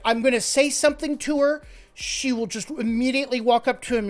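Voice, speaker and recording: A man's voice: very high-pitched, fairly even intonation, fairly quick. Rambling, swearing male streamer host. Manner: rambling, joking and swearing, drifting between mutters and loud bursts. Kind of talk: casual live-stream chat.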